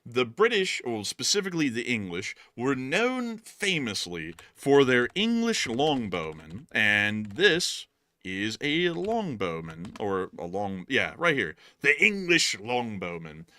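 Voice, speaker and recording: A man hosting a casual livestream chat, animated and quick to laugh. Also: medium pitch. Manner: animated, laughs loudly, drawls "y'all". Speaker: host.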